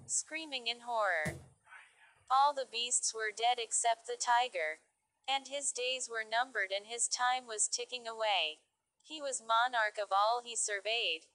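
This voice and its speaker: A woman's voice: a little high, sharp tone, poor audio. A woman reading stories aloud carefully for English learners. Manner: careful, clear reading pace. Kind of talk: slow read-aloud narration.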